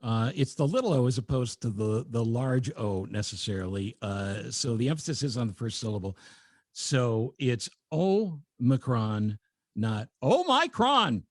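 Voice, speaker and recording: A man's voice: medium pitch, normal speed, no room sound, clean studio sound. A man hosting a podcast, chatting casually and joking wryly with his co-host. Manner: wry, joking, lively delivery. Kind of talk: casual chat.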